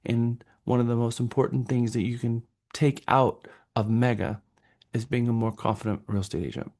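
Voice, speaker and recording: A man's voice: medium pitch, steady tone, moderate pace, darkish tone. A man with a Texan accent teaching a real estate training class, coaching and encouraging his students.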